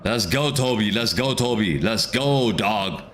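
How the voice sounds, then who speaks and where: A man's voice: fairly low pitch, lively intonation, a little slow, fairly bright tone, slight background noise. A man streaming a live match watchalong, calling the play and urging his chat, repeating phrases over and over. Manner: repeats phrases, urges chat, erupts when a goal goes in.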